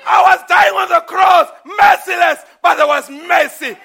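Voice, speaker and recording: An overwhelmed repentant thief cries out his story at the top of his lungs, high and bright with a gravelly edge, as a man preaching puts him on. A faint congregation murmurs in the background. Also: unhurried, a faint crowd, full character voice. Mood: fervent. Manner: shouting testimony.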